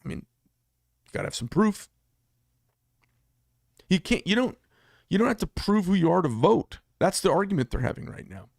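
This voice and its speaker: Blunt, gravelly man. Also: high voice, sing-song, normal speed, pauses often, a little mellow, no echo, clean studio sound. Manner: blunt, heated, storytelling with asides. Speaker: business owner talking to camera. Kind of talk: casual monologue.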